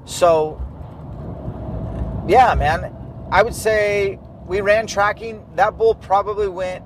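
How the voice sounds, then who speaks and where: A man's voice: sits high, slow pace, noisy background. A man casually retelling a hunting trip, acting out quoted dialogue. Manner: lively, acts out quoted dialogue. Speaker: hunter telling a hunting story. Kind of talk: casual storytelling chat.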